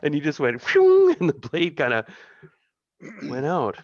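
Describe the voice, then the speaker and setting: A man narrating as game master, chuckling and halting with many restarts. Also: fairly high pitch, no room sound, highs cut off.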